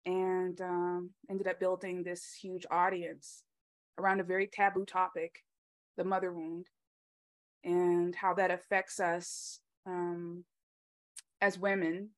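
A woman's voice: on the low side, takes it slowly. A woman speaking in a casual conversation, telling personal stories with lots of ums. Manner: animated storytelling with frequent ums.

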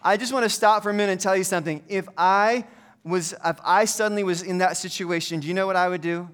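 Middle-aged male pastor, chatty humorous preacher, high and smooth. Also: steady tone, quick pace, fairly bright tone. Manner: conversational, humorous storytelling preacher. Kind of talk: sermon.

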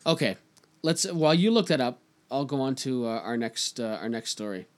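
A man's voice: mid-range voice, animated, moderate pace. A man from Canada co-hosting a casual talk podcast, reading out news stories and joking about them with frequent laughter. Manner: reads news aloud and riffs on it, laughing often. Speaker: podcast co-host. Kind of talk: casual chat.

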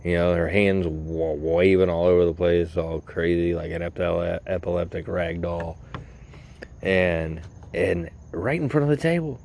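A man's voice: sits low, a little slow, gravelly, a little mellow, slight background noise. A man hosting a podcast, telling a rambling casual story full of fillers and acted-out asides. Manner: acts out his own reactions in quoted asides. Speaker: podcast host.

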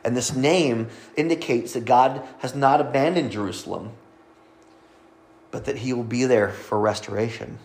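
A man's voice: mid-range voice, normal speed, vocal fry, darkish tone. Guy giving a sermon, teaching style, reads verses, cracks small jokes. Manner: teaching, reading scripture aloud, light asides. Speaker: preacher.

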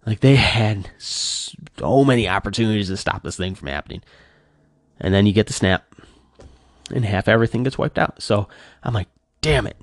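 Retelling how he reacted to a movie, a middle-aged man talks to camera as a vlogger, leaning heavily on "like" and performing the quoted reactions with animation. His voice is lowish at normal speed, recorded dry and clean in a studio.

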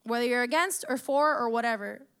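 A woman's voice: fairly high pitch, a little fast, a bit bright, clear, resonant tone. A young woman from the United States giving an impassioned personal monologue, emotional and close to tears, swearing as she speaks.

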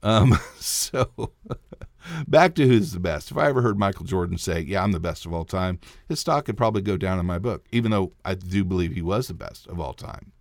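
A man with a somewhat low voice hosts his own podcast, spinning a long personal story in a loose, rambling way. He stumbles and restarts often and breaks into chuckles. The sound is dry and close, with no room around it. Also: animated, normal speed, vocal fry, no room sound. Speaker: podcast host. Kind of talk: casual solo podcast storytelling.

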